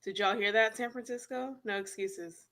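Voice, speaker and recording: A woman's voice: mid-range voice, fairly even intonation, normal speed, bright, forceful tone. A woman co-hosting a casual group chat, moderating the talk and laughing often. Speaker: co-host.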